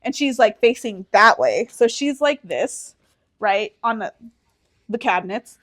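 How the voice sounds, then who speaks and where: A young woman co-hosting a casual podcast with her sibling, telling stories in an animated way, acting out quotes and laughing often. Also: a little high, measured pace. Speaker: podcast co-host.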